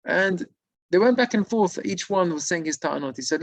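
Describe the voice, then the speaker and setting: A man preaches and tells a moral tale with lively, acted-out turns. His voice is gravelly and a bit high, recorded close and dry. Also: normal speed, no room sound, low-quality recording. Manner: animated, acts out the figures, mixes in Hebrew terms. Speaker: religious storyteller and teacher. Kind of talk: sermon-style storytelling.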